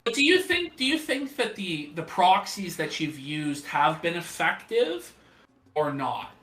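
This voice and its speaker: A man's voice: a little high, very animated, unhurried, sharp tone, roomy sound. A man hosting an interview, asking probing questions in a casual way and hedging with fillers. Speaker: show host and interviewer.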